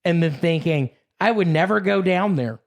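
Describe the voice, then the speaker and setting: High-voiced man telling a rambling story. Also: lively intonation, normal speed. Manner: rambling storyteller, swears freely. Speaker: podcast co-host. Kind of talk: casual chat.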